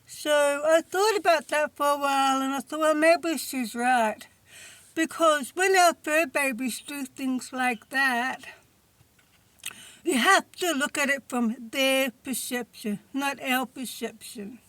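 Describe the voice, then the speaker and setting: A woman's voice: sits high, measured pace, fairly bright tone, no echo. A woman telling a storytime vlog in a chatty, rambling way, often saying "I mean". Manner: chatty, rambling, fills with "I mean" and "you see what I mean". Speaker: vlogger.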